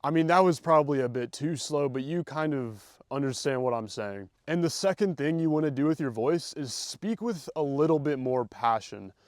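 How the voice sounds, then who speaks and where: A young man giving casual, confident dating advice straight to the listener, loose and slangy, sometimes showing how to slow his delivery down. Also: a little high, lively intonation, darkish tone, no room sound, clean studio sound. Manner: demonstrates slow versus rushed delivery. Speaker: dating coach. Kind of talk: direct-to-camera advice monologue.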